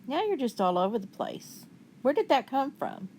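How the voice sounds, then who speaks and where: A woman hosting a commentary video, calmly and skeptically rebutting the clips she plays. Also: high voice, moderate pace, a little hiss or hum. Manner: calm, skeptical, wry rebuttals. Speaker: commentary channel host. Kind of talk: reaction commentary.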